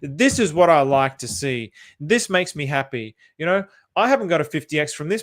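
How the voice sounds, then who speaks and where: A man's voice: a little high, animated, moderate pace, hardly any pauses, a bit bright. An Australian man chatting casually on a livestream, thinking aloud with lots of fillers and restarts as he reacts to viewer comments. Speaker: crypto chart commentator.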